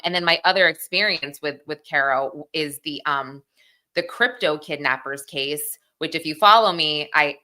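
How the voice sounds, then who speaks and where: A woman's voice: sits low, bright, forceful tone. A young woman hosting a live legal talk show, chatting casually with lots of "like" and "you know" and acting out the people she quotes.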